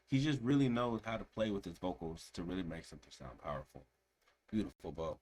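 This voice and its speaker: Earnest low-voiced man reacting. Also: a little fast. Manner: earnest, reflective, repeats phrases. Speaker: reaction video host. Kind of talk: reaction commentary.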